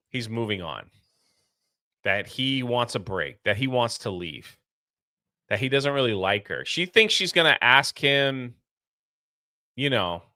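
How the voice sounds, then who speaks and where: A man co-hosting a casual movie review, retelling the plot in an animated way and acting out the characters' lines. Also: medium pitch, dry recording, clean studio sound. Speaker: podcast co-host.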